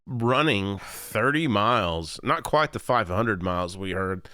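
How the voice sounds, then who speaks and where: A man with a lowish, smooth voice talks through a film's plot in loose, swearing podcast banter, his pitch swinging up and down as he acts out the scenes. The sound is close and dry. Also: lively intonation, unhurried, bright, forceful tone, no room sound. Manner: swearing, laughing, acts out quotes. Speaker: podcast co-host. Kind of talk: casual movie review chat.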